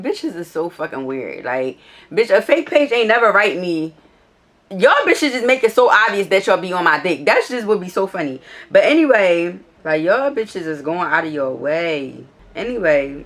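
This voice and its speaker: A young woman, casually telling a storytime to her viewers at home, profane and animated, addressing them directly. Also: on the low side. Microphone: iPad camera.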